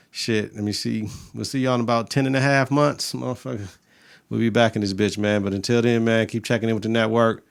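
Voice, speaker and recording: A man's voice: on the low side, creaky, smooth. A man co-hosting a casual podcast, talking loose and profane with a hyped, rambling delivery. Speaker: podcast co-host.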